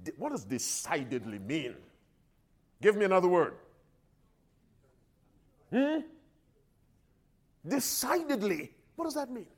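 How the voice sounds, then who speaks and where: A man preaching a sermon with a lively, animated voice that rides up and down. He swings between loud, emphatic appeals and soft, low asides in a call-and-response style. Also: slow pace, long pauses, slightly rough.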